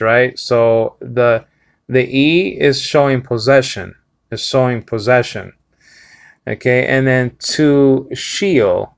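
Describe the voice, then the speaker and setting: A middle-aged man leads a live-streamed Hebrew reading lesson. His voice is gravelly but resonant, and he moves slowly. He sounds each word out syllable by syllable, with plenty of pauses and "uh"s. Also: mid-range voice. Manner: slow, halting, many fillers, sounds out words syllable by syllable. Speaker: Bible teacher.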